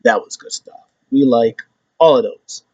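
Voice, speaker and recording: A man hosting a casual wrestling recap, retelling events in an animated way and acting out the quotes. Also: medium pitch, unhurried, breathy edge, no echo. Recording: dull lo-fi sound.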